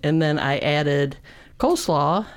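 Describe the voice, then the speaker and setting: Lady cook chatting loose and rambly about her dishes, lowish voice. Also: expressive, unhurried. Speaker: cook presenting food on a show. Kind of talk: casual chat.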